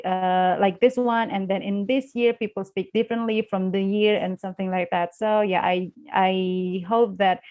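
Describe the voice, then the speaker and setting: A woman's voice: mid-range voice, muffled recording. A young woman with an Indonesian accent, a guest speaker in a live online class, talking with many fillers and restarts.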